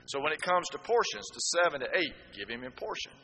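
A man's voice: a little high, expressive, fast talker, bright, forceful tone, husky, long reverb tail, poor audio. A man preaching a sermon, telling folksy stories with rhetorical asides.

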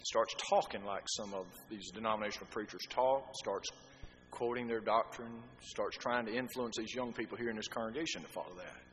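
A middle-aged man preaching a sermon, swinging from quiet explanation to loud, emphatic appeals. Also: lowish voice, fairly quick, a little hiss or hum. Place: church hall. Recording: long hall reverb.

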